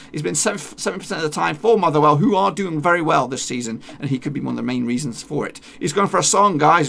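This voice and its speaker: Chatty man with a gravelly, bright voice. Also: a little high. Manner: chatty, rambling with many fillers and restarts. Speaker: football video creator. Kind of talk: casual football commentary over a team lineup.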